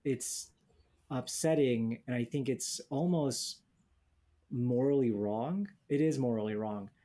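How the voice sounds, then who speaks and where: A man's voice: medium pitch, slow pace, mellow. Blunt, sardonic young man chatting. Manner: blunt, profane, sardonic storytelling with mocking quoted voices. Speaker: podcast co-host. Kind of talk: casual chat.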